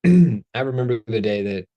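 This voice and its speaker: A man's voice: mid-range voice, expressive, unhurried, dark tone. A man hosting a casual talk show, talking in a playful, chatty way and joking about himself. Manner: playful, chatty, self-deprecating. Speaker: host.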